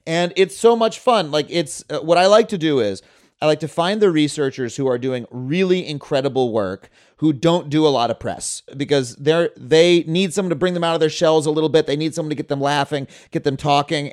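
A man's voice: mid-range voice, a little mellow. A man who is a guest in a casual interview, talking eagerly about his own podcast with lots of fillers. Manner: enthusiastic, quick, filler-laden.

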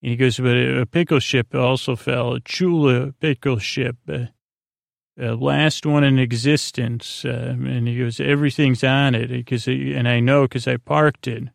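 A man hosting a sleep podcast, retelling an episode in a meandering, hesitant way with many pauses and restarts. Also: medium pitch, steady tone, gravelly, dry recording, clean studio sound. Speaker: podcast host.

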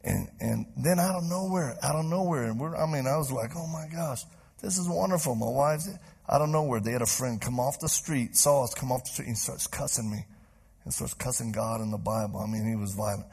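A man preaching to a live congregation, telling a story with lively acted-out voices. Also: medium pitch, brisk, gravelly, breathy edge. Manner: animated, acts out voices in stories. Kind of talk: sermon storytelling. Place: church stage before a live crowd.

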